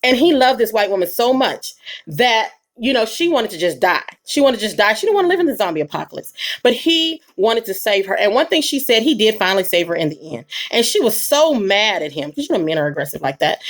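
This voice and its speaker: Woman, live commentary, emphatic and preachy, fairly high voice, speeds up in rapid bursts. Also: big pitch swings. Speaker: online commentator.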